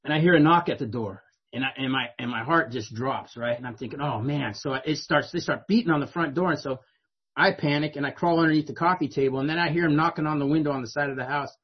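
A middle-aged man with a slightly high, somewhat rough voice talks quickly over lo-fi audio. He's giving a personal storytelling speech, recounting his own life to an audience in a conversational style and frequently asking "right?"

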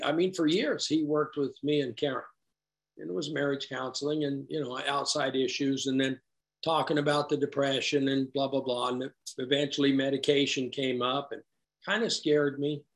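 A man's voice: medium pitch, fairly bright tone. A middle-aged man telling his own recovery story to a group in a rambling, conversational way, with self-deprecating, wry asides. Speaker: recovery meeting speaker.

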